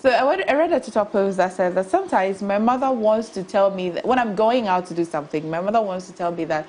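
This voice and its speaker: Ghanaian woman host, quick questions, faint background noise. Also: mid-range voice, lively intonation, darkish tone. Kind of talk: talk show hosting.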